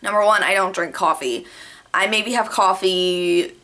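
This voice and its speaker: A young woman vlogging casually, telling stories to the camera with lots of "like" fillers and animated asides. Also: mid-range voice, unhurried. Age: young adult. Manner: chatty, animated, many "like" fillers.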